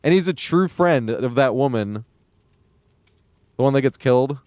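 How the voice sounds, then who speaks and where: A man's voice: medium pitch, lively intonation, normal speed, darkish tone, no echo. Rambling, cussing male game streamer. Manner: rambling, profane, chuckles often. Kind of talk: casual live-stream chat while gaming.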